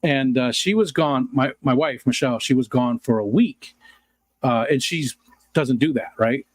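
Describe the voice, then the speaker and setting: A man's voice: mid-range voice, moderate pace, no room sound. A middle-aged man hosting a livestream, rambling casually to his viewers and chuckling often as he answers comments. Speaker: livestream host.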